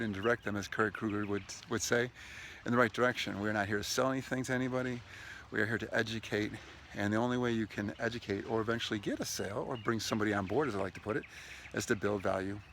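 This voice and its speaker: A man's voice: lowish voice, gravelly, fairly bright tone, slight background noise. A man casually vlogging outdoors near the water, chatty and enthusiastic, telling stories as he gives sales tips. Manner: chatty, enthusiastic, talks to his dog mid-video. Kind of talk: casual outdoor vlog monologue. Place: outdoors by a lakeshore with lapping waves.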